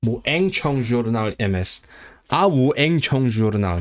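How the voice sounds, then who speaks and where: A man's voice: medium pitch, lively intonation, measured pace. A man livestreaming his language study, thinking aloud with fillers and restarts and carefully repeating new foreign phrases. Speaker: language-learning streamer. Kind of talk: casual livestream language practice.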